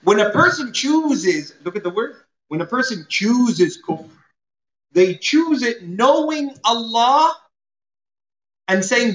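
A man's voice: very high voice, very animated, slow pace, pauses often. A man giving a sermon, explaining Arabic terms and acting out everyday scenes. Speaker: preacher. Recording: roomy, slightly dull sound.

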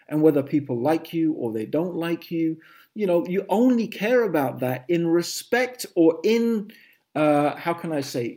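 A man's voice: fairly high pitch, warm tone. A man giving a sermon, dramatic and emphatic, reeling off lists of exaggerated phrases. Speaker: Muslim preacher. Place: England.

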